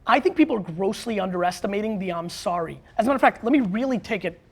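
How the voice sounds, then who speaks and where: A man with a gravelly, husky voice speaks in an animated studio interview. He is blunt and emphatic, and keeps restarting his sentences in his excitement. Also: high-pitched, quick pace. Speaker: author and marketer, guest.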